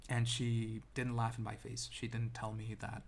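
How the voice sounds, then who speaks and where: A man's voice: mid-range voice, completely flat delivery, moderate pace, gravelly, slight background noise. A young man telling a personal story to camera in a rambling, self-deprecating way, full of restarts and ums, seated indoors. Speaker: vlogger. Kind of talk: casual storytelling monologue.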